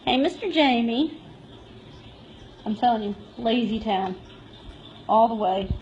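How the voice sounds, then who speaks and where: A shelter volunteer with a high voice leads a casual live-stream tour through an indoor cat room, cooing to the cats in baby-talk and laughing frequently. She sounds animated, slow, and a little mellow. The audio is dull and echoey, with a little hiss or hum.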